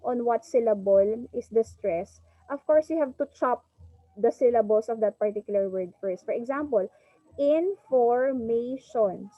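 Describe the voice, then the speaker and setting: A woman's voice: on the high side, no room sound, highs cut off. A woman with a Filipino accent teaching an English class over a video call, mixing English and Tagalog and drawing out the words she models. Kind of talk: online class lecture.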